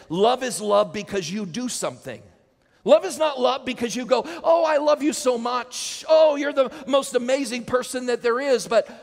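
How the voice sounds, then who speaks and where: Male pastor, gravelly voice, sermon with call-and-response, long church reverb. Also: very high-pitched. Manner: calls the congregation to repeat lines.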